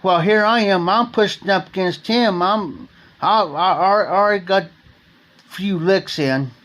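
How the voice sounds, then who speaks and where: A man's voice: sits high, a little slow, fairly bright tone. A man from Ohio hosting a late-night livestream, telling a story in a rambling, folksy way and often repeating and restarting his phrases. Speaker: livestream host.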